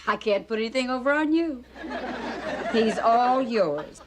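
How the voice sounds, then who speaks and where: Blunt sassy housewife, lively voice, big audience laughs, hissy tape. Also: female voice, on the high side, measured pace, a crowd in the background. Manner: blunt, wisecracking. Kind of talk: studio sitcom acting. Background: studio audience laughter.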